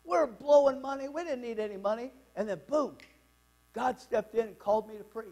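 A man's voice: very high-pitched, a little fast, warm tone. A man in his sixties preaching a fervent, worked-up sermon in church. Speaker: pastor.

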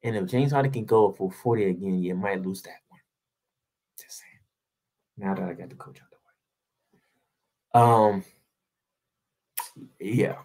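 A man's voice: lowish voice, measured pace, long pauses, darkish tone. A man giving a heated solo basketball commentary, ranting and firing rhetorical questions at the team. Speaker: sports blogger.

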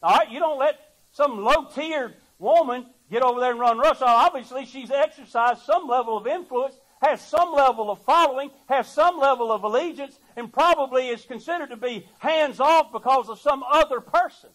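A man's voice: very high-pitched, normal speed, a bit bright, poor audio. A man preaching a sermon, emphatic and folksy, repeating words as he builds his point. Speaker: pastor.

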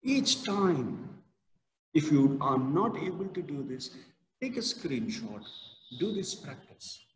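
A man lectures a class, his fairly high voice swinging up and down as he stresses words. He talks unhurriedly and deliberately. The sound rings around a reverberant hall with a long tail. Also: sing-song, a little hiss or hum. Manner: slow, emphatic, stresses key words. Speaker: college lecturer.

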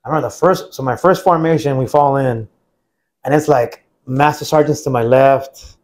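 A man's voice: mid-range voice, moderate pace. Rambling veteran man telling war stories. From United States. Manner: relaxed and rambling, many "like" fillers, acts out others' quotes. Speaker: interview guest, military veteran. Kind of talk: casual spoken storytelling.

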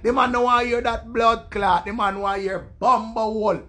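A young man with a Jamaican accent ranting in loud, profane patois commentary and mimicking other people's voices. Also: very high-pitched, flat delivery, moderate pace, hardly any pauses.

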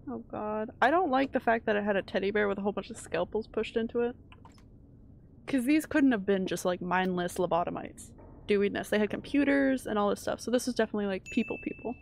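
A woman's voice: medium pitch, fast talker, creaky, slight background noise. A woman streamer chatting casually while she plays a game, jumpy and chatty, swearing when startled. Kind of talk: casual live-stream gameplay chat.

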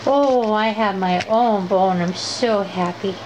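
Woman baby-talking her pets, slow and sing-songy, noisy home recording. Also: mid-range voice. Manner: sing-song baby talk. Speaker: pet owner. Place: home, indoors. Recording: home recording with steady background noise.

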